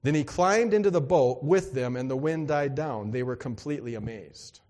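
Lively man preaching in a reverberant hall. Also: mid-range voice, moderate pace. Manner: lively, conversational, acts out voices and exclamations. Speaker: pastor. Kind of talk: sermon.

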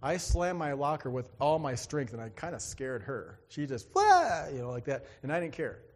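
Earnest preacher in a reverberant hall. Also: male voice, mid-range voice, normal speed, a little mellow. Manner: earnest, dramatic storytelling with acted-out voices. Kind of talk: sermon with personal story.

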